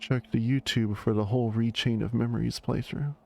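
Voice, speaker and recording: A man's voice: medium pitch, fairly even intonation, a little fast, vocal fry, warm tone, soft background music. A man giving casual, rambling commentary as he plays through a game. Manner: laughs often, rambling asides. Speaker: gaming streamer. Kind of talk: casual let's-play commentary.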